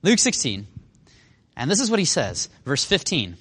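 Male preacher, slightly high voice, lively swings, casual and sarcastic delivery. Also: normal speed, breathy edge. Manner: animated, acts out quotes with sarcasm, casual fillers. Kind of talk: sermon.

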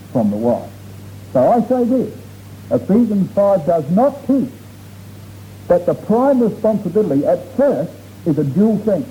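Heard through a dull, lo-fi recording with faint noise, a man delivers a sermon to his congregation. His high voice is mellow, yet he stays earnest and emphatic, drawing out important words.

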